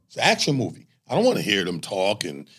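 A man in his forties tells comedy stories with lively swings in pitch and punchy, playful delivery. He jumps into other people's voices mid-story. It sounds like a relaxed interview chat with a stand-up comic. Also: fast talker, breathy edge. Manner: animated storytelling, acts out voices.

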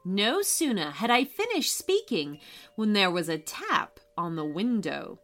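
A woman reading a children's story aloud as narrator, telling it with lively expression. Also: mid-range voice, unhurried, faint music behind.

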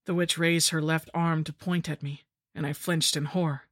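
A woman narrating a horror story in the first person, with a measured, grim delivery. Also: deep voice, flat delivery, a bit bright, dry recording, studio quality. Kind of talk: scripted narration.

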